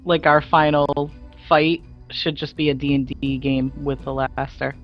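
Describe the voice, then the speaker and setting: Woman at a d&d table, lower voice, giggly and animated. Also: measured pace, dull audio, over music. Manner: giggly, animated when excited. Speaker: player. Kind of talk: casual chat at a tabletop game.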